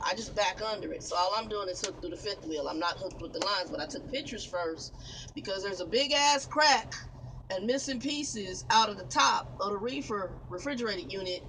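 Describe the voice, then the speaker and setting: Sharp-toned and high-voiced, a trucker sits in his cab and tells his facing camera a long, rambling, exasperated tale, breaking into laughter at times. The casual vlog is a rough recording carrying slight background noise.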